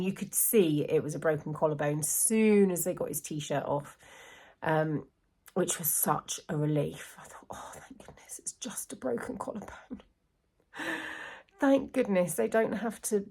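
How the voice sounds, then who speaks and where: A woman's voice: on the low side, darkish tone. A middle-aged woman telling a rambling story to camera in a casual vlog, laughing often. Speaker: vlogger.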